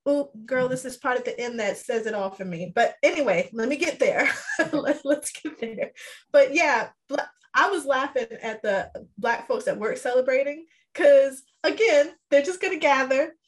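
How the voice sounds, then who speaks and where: A woman co-hosting a casual chat, emphatic and quick to laugh. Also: high voice. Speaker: podcast co-host.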